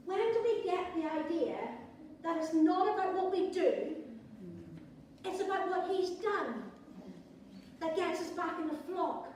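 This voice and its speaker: A woman's voice: very high voice, unhurried, a little mellow, slight background noise. A woman preaching a sermon in a church, conversational with playful asides. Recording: echoey church hall from far off.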